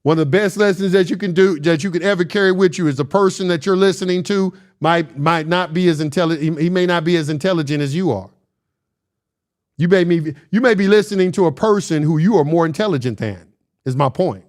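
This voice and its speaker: A man's voice: fairly high pitch, a little fast. A man giving casual commentary, reading verses aloud and arguing bluntly and emphatically, often laughing. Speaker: commentator reading and discussing scripture.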